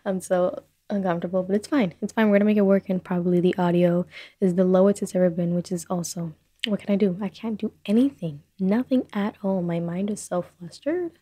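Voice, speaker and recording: Young woman, podcast host, rambling, self-deprecating, mellow voice, dry close sound. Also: medium pitch, fairly even intonation, brisk, dry recording. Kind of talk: casual solo podcast chat. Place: her bedroom. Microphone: desk microphone on a short stand.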